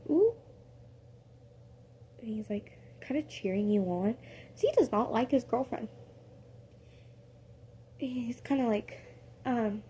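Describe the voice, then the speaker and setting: A woman spins an improvised story in a loose, rambling style, packed with fillers, mid-sentence self-corrections and soft whispered asides. Her voice runs on the high side, with a little hiss or hum in the audio.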